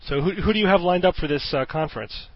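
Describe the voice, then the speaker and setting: A man's voice: sits high, fast talker, no room sound. A man hosting a podcast, explaining his views earnestly with hesitant restarts. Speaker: podcast host. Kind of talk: casual discussion. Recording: dull dry audio.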